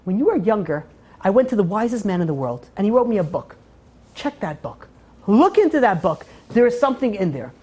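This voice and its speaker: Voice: mid-range voice, sing-song, a little fast, mellow, breathy edge. A woman voicing the king's elderly mother, giving advice, within a told story. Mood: advising. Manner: retold dialogue in a storytelling voice. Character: old mother of a king.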